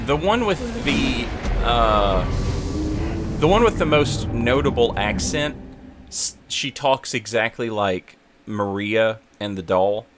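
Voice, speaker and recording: A man's voice: lowish voice, slight background noise. A man streaming a game, chatting casually with his viewers and breaking into frustrated outbursts when things go wrong. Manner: chatty, talks to chat, bursts of frustrated yelling. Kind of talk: casual live gameplay commentary.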